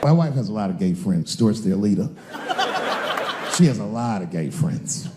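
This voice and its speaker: A man in his forties doing stand-up comedy on a stage, animated, shouting punchlines and acting out voices. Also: fairly low pitch, normal speed, echoey room, background noise. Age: 40s. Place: comedy stage before a live audience.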